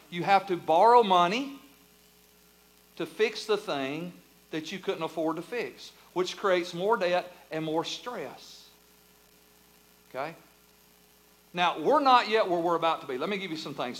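A middle-aged man, a pastor preaching a sermon through humorous, lively stories that settle into quiet, earnest teaching. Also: fairly high pitch. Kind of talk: storytelling sermon.

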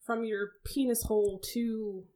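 A young woman co-hosting a podcast, telling stories in a playful, animated way. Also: on the high side, unhurried. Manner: playful, animated storytelling with laughs. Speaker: podcast co-host. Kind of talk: casual chat.

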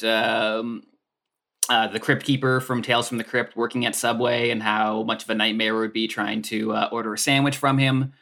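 Bright-voiced Canadian comedian, rambling. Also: male voice, medium pitch. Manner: rambling, filler-heavy, self-deprecating. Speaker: comedian guest. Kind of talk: casual podcast chat.

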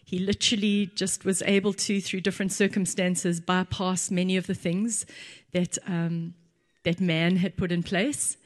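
A woman, giving an earnest church testimony as a mother, slow and emphatic. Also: fairly low pitch, flat delivery. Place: church hall. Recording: long hall reverb.

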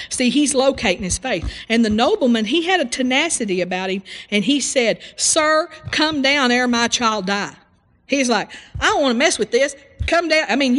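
A woman's voice: on the high side, big-room sound. A woman preaching a sermon, retelling a story and acting out the voices in it. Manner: animated storytelling, acts out voices in quotes.

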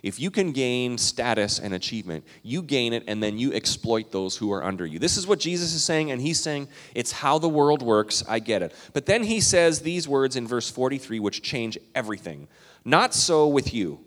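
A male pastor from Minnesota and Canada delivers a sermon with a lively, wide-ranging pitch. He talks to the congregation conversationally, punching some phrases loudly and dropping others to a murmur. His voice rings with a long reverb off a large hall. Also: normal speed. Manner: animated, conversational, swinging between loud emphasis and quiet asides.

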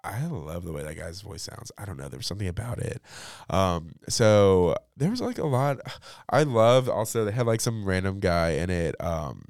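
A man's voice: low-pitched, lively intonation, normal speed, a little mellow, dry recording, studio quality. A young man hosting a pop culture podcast, chatting casually with lots of fillers and cursing freely. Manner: chatty, slangy, swears freely, many fillers. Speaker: podcast host.

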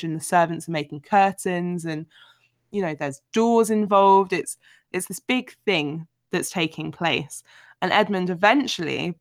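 A woman hosting a casual book discussion, talking in an animated, chatty way with frequent filler words. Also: fairly low pitch, dry recording, studio quality. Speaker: podcast host.

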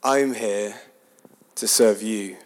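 A man voicing a gentle, humble elderly queen in a story he tells during a talk, speaking softly and low. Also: steady tone, slow pace.

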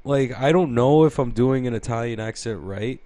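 A man's voice: mid-range voice, moderate pace, warm tone, no room sound. A young man co-hosting a podcast in casual chat, rambling and joking crudely. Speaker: podcast co-host.

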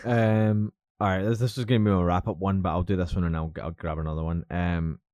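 A man's voice: low voice, fairly even intonation, a little fast, a little mellow, clean tone, no echo. A man reading out a listener question on a podcast, a little hesitant. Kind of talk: casual chat.

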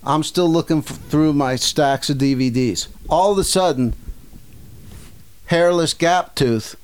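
Man, slightly higher voice, casual storyteller who acts out the shouting and voices, swears freely. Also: unhurried, clean tone.

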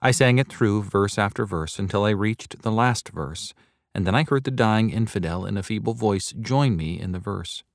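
Man, lowish voice, earnest, deliberate sermon reading, dry close sound. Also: vocal fry, dry recording. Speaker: reader of a devotional text. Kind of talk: measured reading of a soul-winning sermon.

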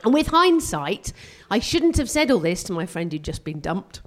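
A British woman performing live stand-up comedy at a venue, animated and self-mocking, jumping her voice up for punchlines. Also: medium pitch. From Britain. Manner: animated and self-mocking, with quick vocal jumps.

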